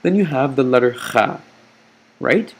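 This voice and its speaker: A man teaching a recorded lesson over slides, patient and slow, often checking in with "okay?". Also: mid-range voice, expressive, creaky, husky. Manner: patient, explains slowly, frequent "okay?" check-ins.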